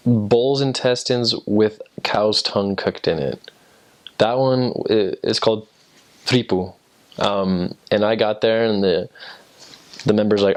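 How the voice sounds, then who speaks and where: A young American man who is a returned missionary tells stories casually, rambling with lots of fillers and restarts. His voice is lowish with fairly even intonation, and he speaks slowly.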